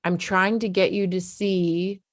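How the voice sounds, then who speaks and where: Middle-aged woman, parenting coach, blunt and casual, swears a lot, lowish voice, dry close sound. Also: flat delivery, unhurried, no echo. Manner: frank and casual, swears freely. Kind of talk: candid talk to parents.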